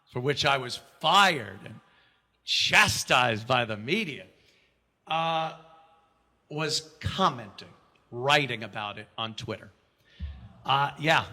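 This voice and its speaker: Bright-voiced man telling a story. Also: medium pitch. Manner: storytelling, acting out quotes with raised voice; frequent restarts and stammers. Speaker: conference speaker. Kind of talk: anecdotal speech to an audience.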